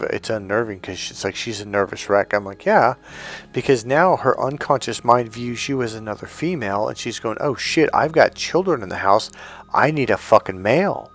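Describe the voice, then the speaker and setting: A middle-aged man coaching on dating, telling stories bluntly, swearing freely and acting out both sides of conversations. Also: on the low side. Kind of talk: storytelling to camera.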